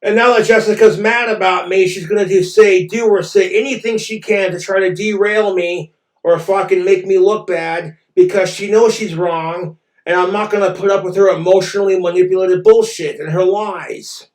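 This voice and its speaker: A man's voice: high-pitched, steady tone, normal speed, reverberant. A man ranting in a vlog monologue, aggrieved and profane. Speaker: vlogger.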